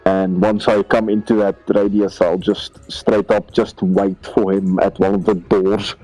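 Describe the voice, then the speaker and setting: A man's voice: fairly low pitch, level tone, unhurried, warm tone, no room sound, faint music behind, low-quality recording. A man with a South African accent, casually describing his character's moves in a tabletop game, hesitant with fillers. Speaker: player. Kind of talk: tabletop role-play chat.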